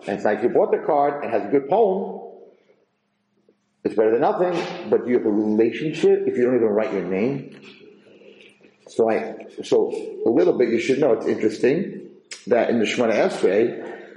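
A rabbi lecturing in a loose, conversational way, with stories and acted-out exchanges. His voice sits at an ordinary middle pitch. The sound is roomy, with a clear echo around him. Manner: animated storyteller, acts out dialogue, frequent restarts. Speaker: rabbi and teacher. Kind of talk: informal Torah lecture with stories.

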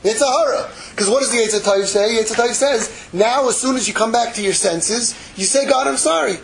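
A man giving a casual, animated Torah class, acting out little dialogues and dropping in Hebrew phrases. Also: extremely high pitch, fairly quick, poor audio. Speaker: Torah teacher.

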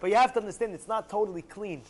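A man's voice: sits high, racing. A young man teaching a religious lesson to a class, telling stories animatedly and often asking his listeners rhetorical questions. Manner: animated storyteller who acts out angry outbursts.

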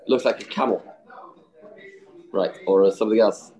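A man teaching a daily Talmud lesson, arguing both sides in quick English laced with Aramaic and Yiddish terms. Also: fairly low pitch, steady tone, warm tone, rough recording. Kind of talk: daf yomi Talmud lesson.

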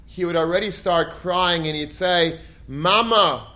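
An earnest man tells a Torah story with feeling, his voice sitting a touch high for a man. He restarts phrases often and weaves Hebrew and Yiddish terms into his English. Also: little pitch movement, moderate pace, bright, forceful tone. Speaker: Torah teacher.

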